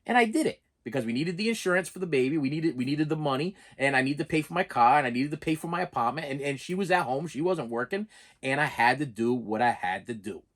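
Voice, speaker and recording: A middle-aged man tells his channel a personal story in a fairly high, fairly bright voice, speaking fast and expressively. He is plain-spoken and emphatic but rambles, repeating phrases and restarting sentences as he goes.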